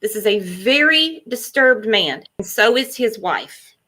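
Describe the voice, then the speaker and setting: A woman's voice: mid-range voice, expressive, measured pace, bright, forceful tone. A woman co-hosting a casual true-crime discussion, outspoken and sarcastic. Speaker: podcast co-host.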